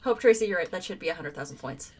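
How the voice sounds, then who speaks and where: A woman's voice: lowish voice, expressive, very fast, darkish tone. A woman co-hosting a live stream chat, teasing her co-host and thanking viewers.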